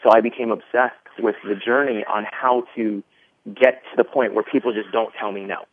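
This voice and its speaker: A fairly low-pitched man in his thirties, a podcast guest, recounts his story at a moderate pace, rambling casually and animatedly with lots of fillers. Slight background noise is heard over the tinny phone line.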